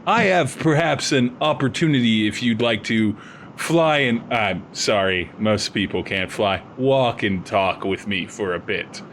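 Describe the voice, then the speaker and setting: A man's voice: fairly low pitch, a bit bright, slight background noise. A man playing a suave demon boss. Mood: courteous. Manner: polite, courtly and measured.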